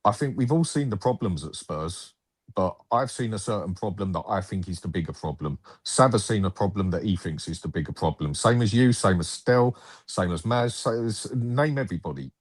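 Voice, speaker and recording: A deep-voiced man chats bluntly on a football stream, often restarting and repeating his words. His very low voice is recorded close and dry, with no room sound. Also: lively intonation, a little fast, husky, dry recording. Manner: blunt, conversational, repeats himself. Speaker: football YouTuber guest. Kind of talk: live-stream football debate.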